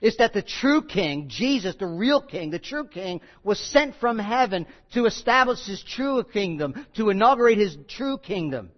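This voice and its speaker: A male pastor preaching a sermon, emphatic, repeating key phrases and swinging between loud and quiet. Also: sits high, big pitch swings, normal speed, few pauses, dull audio.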